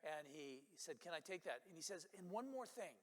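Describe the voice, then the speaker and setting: An older man preaching a sermon as pastor, telling a story and acting out the people in it with animated quotes. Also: moderate pace. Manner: animated, acts out quotes with rising pitch. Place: church sanctuary. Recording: long hall reverb.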